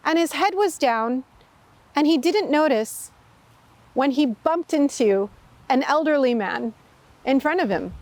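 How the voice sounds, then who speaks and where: High-voiced lady telling a story, meditation teacher, lively and expressive. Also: a little slow, pauses often, dry recording. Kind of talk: storytelling and spiritual talk.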